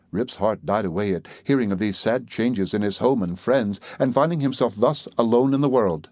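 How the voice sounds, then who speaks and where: A man's voice: lowish voice, moderate pace, few pauses, a little mellow, no room sound, studio quality. Man narrating a story steadily. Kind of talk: audiobook narration.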